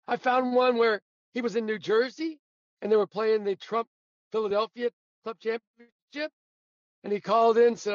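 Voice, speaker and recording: A man as a guest on a talk show, telling animated anecdotes and laughing often. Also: high-pitched, moderate pace, no room sound, dull audio. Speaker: guest storyteller, sportswriter. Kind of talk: casual storytelling interview.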